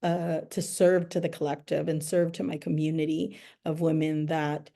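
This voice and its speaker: A woman's voice: low-pitched, flat delivery, normal speed, creaky, dark tone. A young adult woman hosting a podcast, speaking earnestly in casual conversation and repeating herself for emphasis. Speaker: podcast host.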